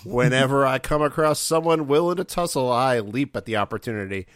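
A man voicing a cocky, eager young army captain in a loud, boastful comic reading. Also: mid-range voice, a little fast, clear, resonant tone, no echo, studio quality, pitched above the performer's own voice, natural voice. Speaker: comedy podcast reader.

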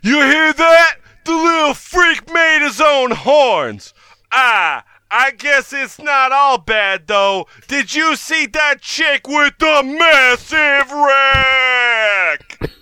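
A man voicing a crude, rowdy male customer who shouts insults, pitched well above his own voice. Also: animated, very slow, no room sound, exaggerated voice.

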